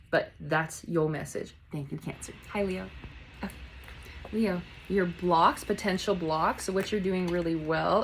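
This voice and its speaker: A woman doing a casual tarot reading, chatty and blunt, swearing casually and acting out quick voices in her asides. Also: on the low side, a little hiss or hum, low-quality recording. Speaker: tarot reader.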